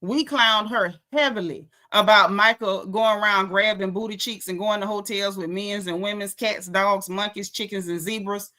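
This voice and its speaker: A woman's voice: medium pitch, steady tone, moderate pace, hardly any pauses, pushed and bright. A woman giving a sassy, slangy recap of a reality show episode, gossiping and calling out the cast.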